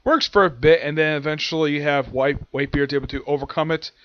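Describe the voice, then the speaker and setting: A man's voice: fairly high pitch, steady tone, quick pace, no echo. A man casually recapping anime episodes in a rambling way, with lots of fillers and restarts. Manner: rambling, filler-heavy retelling. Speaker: anime reviewer. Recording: dull lo-fi dry sound.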